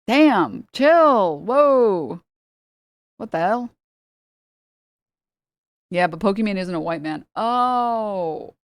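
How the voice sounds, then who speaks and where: A woman's voice: mid-range voice, lively intonation, extremely slow, pauses often, no room sound. A woman streamer giving casual, exasperated commentary to her chat, swearing freely.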